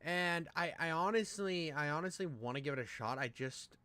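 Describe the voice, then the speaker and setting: A man's voice: a little high, animated, normal speed, background noise. A young man streaming, rambling and joking crudely with lots of swearing as he reacts to a video. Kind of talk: casual reaction commentary.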